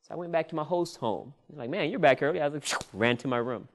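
A male preacher telling a personal story in a sermon, animated and often laughing, drawing "Amen" responses. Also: on the high side, fast, a little hiss or hum.

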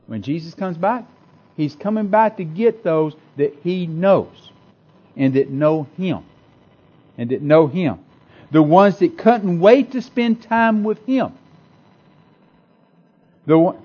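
A man preaching a sermon with passion, repeating phrases and swinging between loud declarations and hushed asides. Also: high voice, muffled recording.

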